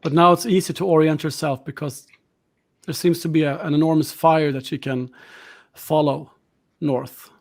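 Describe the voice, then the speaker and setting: A man's voice: fairly high pitch, steady tone, moderate pace. A man narrating a tabletop game as game master, with hesitant fillers.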